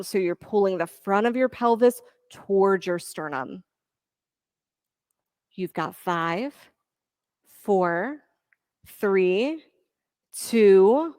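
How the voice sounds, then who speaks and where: A woman teaching a yoga class, giving steady counting cues and encouraging her students. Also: mid-range voice, dry recording, clean studio sound. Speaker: yoga instructor. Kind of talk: leading a live yoga class.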